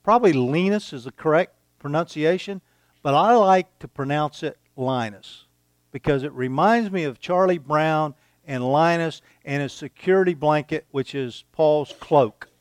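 A man preaching a sermon, reading scripture aloud and pausing for effect between phrases. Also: fairly high pitch, no echo, studio quality. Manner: slow, deliberate preaching with dramatic pauses, reading scripture aloud. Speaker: pastor.

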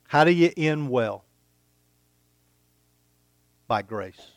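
Slow, deliberate male preacher. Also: a little high, lively intonation, no room sound, studio quality. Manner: slow, deliberate preaching with dramatic pauses, reading scripture aloud. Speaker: pastor. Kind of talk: sermon.

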